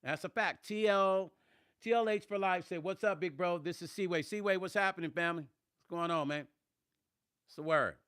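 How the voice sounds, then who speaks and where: Answering comments on his live stream, this male musician-vlogger is emphatic and blunt, cursing when something gets under his skin. He has a high, clear, resonant voice with a slightly bright edge, speaking at a moderate pace in a dry, clean studio recording.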